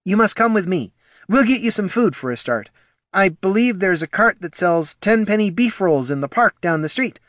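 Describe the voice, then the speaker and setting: A man's voice: high voice, expressive, moderate pace, a bit bright, no echo, studio quality, voice pushed up. A man voicing a polite, formal scribkin banker who sounds flustered and guilty, in a storybook reading.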